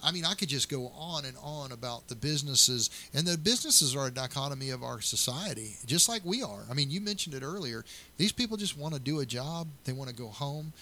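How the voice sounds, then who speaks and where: A man's voice: medium pitch, lively intonation, a little fast, sharp tone. A middle-aged man, a county sheriff, answering interview questions earnestly and telling stories with many restarts.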